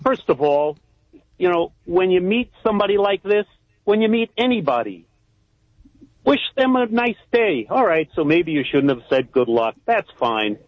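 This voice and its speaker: Brief: male first-time caller, high voice, muffled dry phone audio, calm advice. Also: moderate pace, no room sound. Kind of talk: call-in talk.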